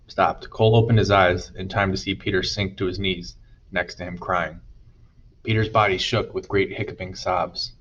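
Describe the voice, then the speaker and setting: A man narrating an audiobook chapter in a steady storytelling manner. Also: deep voice, normal speed, muffled recording, slight background noise. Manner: steady storytelling, voices dialogue. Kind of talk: scripted narration.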